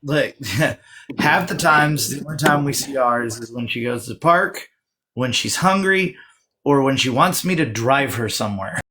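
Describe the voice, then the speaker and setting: A man's voice: medium pitch, expressive, measured pace, pushed and bright, slight background noise. A man hosting a livestream, chatting casually and laughing often. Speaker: streamer host. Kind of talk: casual chat.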